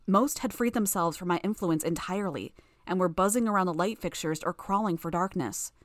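A woman narrating a first-person novel in a tense, steady reading. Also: lowish voice, brisk, dry recording, studio quality. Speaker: audiobook narrator.

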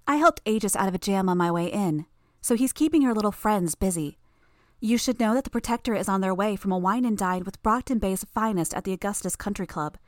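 A woman's voice: mid-range voice, fairly quick, no echo, lightly acted. A woman doing a breezy, cocky teen superheroine. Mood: teasing. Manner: breezy, teasing. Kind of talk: audiobook character voice.

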